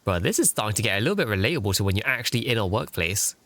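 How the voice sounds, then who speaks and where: A man's voice: fairly low pitch, very animated, very fast, crowd noise. A man chatting casually on a live gaming stream, rambling, swearing offhandedly and laughing often. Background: faint background music.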